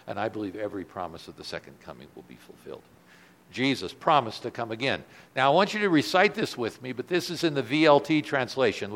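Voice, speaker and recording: A male pastor preaching a sermon in a church, dropping his voice soft and then swelling loud for emphasis. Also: mid-range voice.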